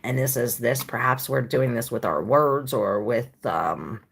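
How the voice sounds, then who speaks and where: A woman's voice: very deep voice, a little slow, gravelly, slightly rough. A woman giving a casual tarot reading, talking to her viewers in a loose, rambling, informal way. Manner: chatty, talks to viewers directly. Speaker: tarot reader.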